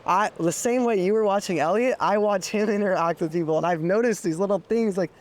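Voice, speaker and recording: A man's voice: high voice, brisk. A young man hosting a casual podcast conversation, talking reflectively and filling his sentences with "like". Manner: reflective, many "like" fillers. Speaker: podcast host.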